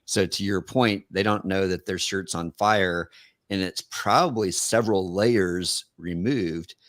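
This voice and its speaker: Male host with a lowish voice, reflective and conversational, dry close sound. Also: a little slow, a bit bright, dry recording. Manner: reflective, conversational, thinks aloud. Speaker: podcast host. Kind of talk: casual interview chat.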